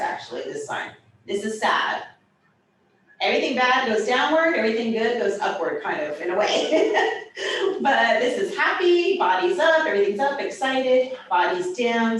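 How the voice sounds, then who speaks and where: A woman teaching a sign language class, explaining each sign slowly with playful asides. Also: medium pitch. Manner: slow, animated, playful explanations. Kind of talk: teaching a hybrid class, demonstrating signs. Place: classroom, in person and over video call. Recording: roomy echo, far from the mic, faint room noise.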